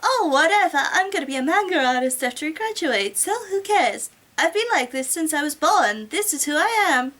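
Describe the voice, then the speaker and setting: A woman's voice: high-pitched, animated, normal speed, hardly any pauses, fairly bright tone, voice pushed up. A woman reading the lines of a defiant young woman who aspires to draw manga, in an indignant tone. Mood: dismissive.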